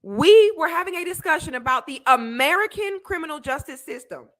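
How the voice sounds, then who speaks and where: This young female debate panelist speaks in a high, slightly bright voice with lively intonation, a little on the fast side. Reacting to a video clip, she is indignant and emphatic, saying the same things over and over.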